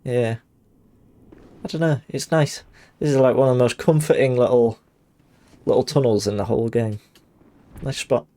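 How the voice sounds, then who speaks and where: A man's voice: medium pitch, normal speed, pauses often, dark tone. A man casually commenting on a game while greeting chat and laughing often. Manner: chatty, laughs easily, reads chat. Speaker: game streamer.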